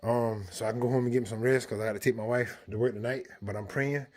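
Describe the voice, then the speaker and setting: A man's voice: medium pitch, steady tone, fast talker, darkish tone. A man, talking viewers through a car repair step by step in a casual, easygoing way while working in a garage. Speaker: DIY mechanic. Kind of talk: casual how-to narration.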